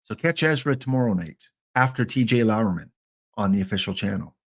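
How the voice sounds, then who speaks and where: A man's voice: fairly low pitch, lively intonation, brisk, creaky. A man casually hosting a game live stream, chatting and joking with viewers by name.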